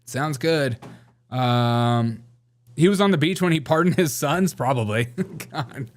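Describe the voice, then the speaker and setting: A man's voice: mid-range voice, expressive, takes it slowly. Sarcastic male host, chatty commentary. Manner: sarcastic, laughs often, reads viewer comments aloud. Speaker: show host. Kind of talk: casual political commentary.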